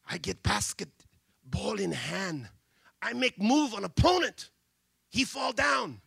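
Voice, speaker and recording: A man putting on an excited teen boy in broken English. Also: sits high, gravelly, slightly rough, no echo, clean studio sound, heavily acted. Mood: thrilled. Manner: halting broken English, dropped articles. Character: excited young male student speaking broken English.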